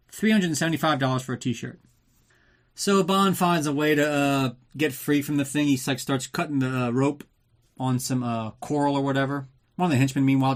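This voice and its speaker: A man hosting a podcast, recapping a film in a casual, sarcastic way, swearing often and acting out the characters in jokey voices. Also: medium pitch. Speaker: podcast host.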